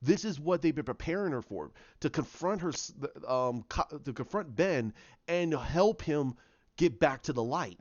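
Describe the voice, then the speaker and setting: A man with a somewhat high voice rambles through a casual retelling and stops often to find his words. The recording is dry and a little muffled. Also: animated, no echo. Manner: rambling, halting storyteller. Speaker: YouTuber.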